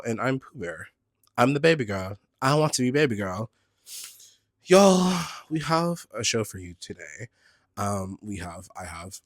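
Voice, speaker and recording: A man in his thirties hosting a solo podcast, chatting in an animated, scattered, sing-songy way with campy, playful asides. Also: mid-range voice, no echo, studio quality. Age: 30s. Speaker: podcast host. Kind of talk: casual solo chat. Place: his apartment.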